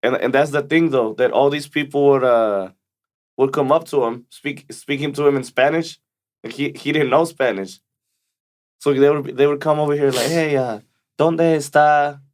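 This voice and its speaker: A man's voice: medium pitch, steady tone, moderate pace. A young man co-hosting a casual podcast, telling rambling work stories with frequent restarts. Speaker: podcast co-host. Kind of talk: casual chat.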